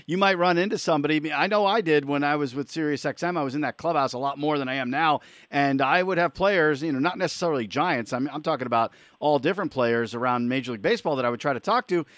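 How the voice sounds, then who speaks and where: A man in casual chat, speaking in a measured, thoughtful way with fillers. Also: fairly high pitch, fairly bright tone, no echo, studio quality.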